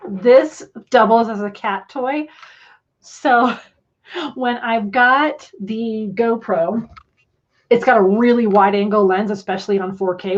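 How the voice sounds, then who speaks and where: A chatty woman talks casually to her livestream viewers and laughs often as she tells a story. Her voice sits at an ordinary middle pitch. The audio is a little dull and lo-fi. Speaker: photography livestream host.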